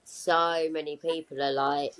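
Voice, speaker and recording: A woman's voice: deep voice, level tone, unhurried. A woman co-hosting a casual podcast, chatty and full of fillers. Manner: chatty, filler-heavy with likes. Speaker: podcast co-host.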